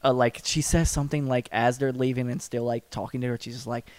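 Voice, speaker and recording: A man's voice: medium pitch, steady tone, brisk, darkish tone, no room sound. A man appearing as a guest on a podcast, talking loosely and laughing often. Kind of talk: casual chat.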